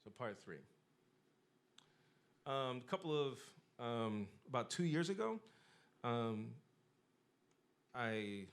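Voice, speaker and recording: A man's voice: medium pitch, lively intonation, slow, pauses often. Impassioned man giving a lecture. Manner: rhetorical, building lists with emphatic rises. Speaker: speaker giving a talk.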